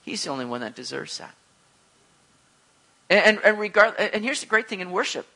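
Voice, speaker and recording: A man preaching a sermon as a pastor, animated, with joking asides. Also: sits high, normal speed, vocal fry.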